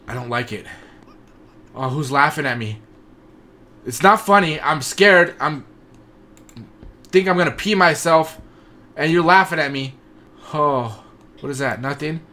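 A man commentating his own horror game playthrough, jumpy and excitable, swinging from nervous mutters to panicked yelps. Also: a little high, normal speed, pauses often. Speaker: gaming channel host.

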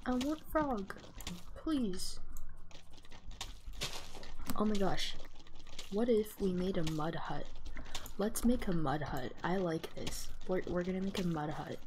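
A woman streamer giving live gameplay commentary, excitable and gasping as she talks to herself and her chat. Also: fairly low pitch, moderate pace, background noise.

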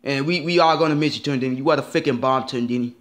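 A man's voice: medium pitch, fast talker. A man ranting in a vlog, upset and rambling, repeating himself and swearing often. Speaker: vlogger.

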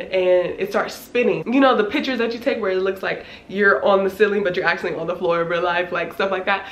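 A woman in her twenties telling a casual storytime, animated and slangy, with lots of filler words and cursing. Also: mid-range voice, a little hiss or hum. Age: 20s. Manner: animated, slangy, swears freely, many "like" fillers. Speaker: vlogger. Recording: echoey room.

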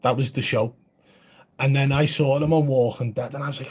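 A husky-voiced man talks loosely to his live-stream chat, blunt and chatty as he answers viewer comments. His pitch sits in an ordinary middle range for a man. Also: fairly even intonation, fairly quick, darkish tone.

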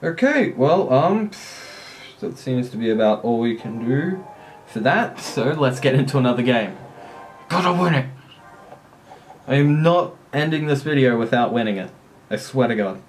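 A man giving casual, excitable commentary while playing a mobile strategy game, often swearing and laughing at his own play. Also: medium pitch, moderate pace, soft background music.

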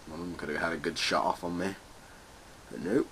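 A young man giving casual gameplay commentary, excitable, yelping and swearing when he fails. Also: deep voice, a little fast. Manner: excitable, swears and yelps at failures. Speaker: let's play gamer. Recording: noisy home recording.

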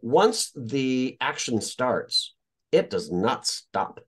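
Animated man telling a story. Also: medium pitch, extremely slow, husky. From Indiana. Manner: animated storyteller, swears freely, acts out quoted voices. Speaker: actor guest. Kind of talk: casual interview storytelling.

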